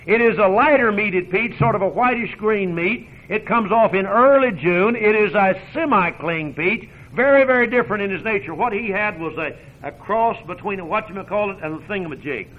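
High-voiced preacher on tinny radio. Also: male voice, moderate pace, hardly any pauses. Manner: homespun and joking, laughs often. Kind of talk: folksy sermon with storytelling.

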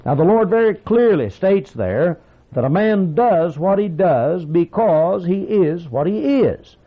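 A man preaching a sermon, reading scripture aloud and explaining it in a deliberate, emphatic way. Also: high voice, expressive, slightly rough. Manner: deliberate, emphatic, reads scripture aloud in King James wording. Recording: dull lo-fi recording.

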